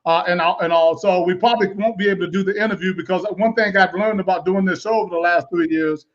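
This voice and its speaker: Male live-show host, high voice, talkative, dull streamed audio. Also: fairly even intonation, quick pace. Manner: chatty, repeats words, laughs easily. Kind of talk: live online interview show.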